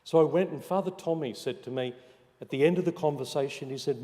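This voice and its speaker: A man, a parish priest giving a homily, telling stories and dropping to soft hushed emphasis. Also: on the high side, quick pace. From Australia. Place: church. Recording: long church reverb.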